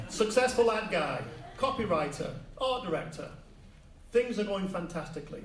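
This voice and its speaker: A middle-aged man from Manchester with a Mancunian accent, telling a humorous personal story to an audience in a playful, animated way. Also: high voice, moderate pace, distant mic, crowd noise. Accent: Mancunian English. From Manchester, England. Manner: playful, animated, with mock sound effects. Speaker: public speaker. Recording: echoey room, voice a little off-mic, faint ambience.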